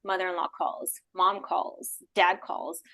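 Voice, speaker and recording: A woman talking as a podcast guest in a casual interview, animated and fond of acting out people's inner voices. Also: lowish voice, unhurried.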